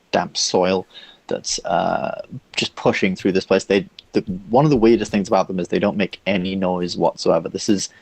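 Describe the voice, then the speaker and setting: A man's voice: on the low side, no echo. A man narrating as dungeon master of a tabletop game, describing scenes in loose, filler-heavy speech.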